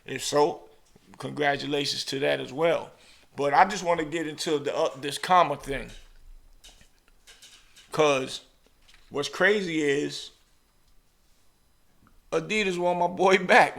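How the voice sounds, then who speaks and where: A man's voice: fairly high pitch, slow pace, gravelly, long pauses. A male podcast host telling casual stories and acting out voices in his anecdotes. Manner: animated, acts out voices in anecdotes. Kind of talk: casual storytelling chat.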